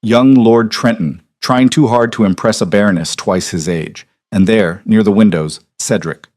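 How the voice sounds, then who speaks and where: A man narrating a historical romance audiobook in an even, measured storytelling manner. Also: fairly low pitch, dry recording, clean studio sound.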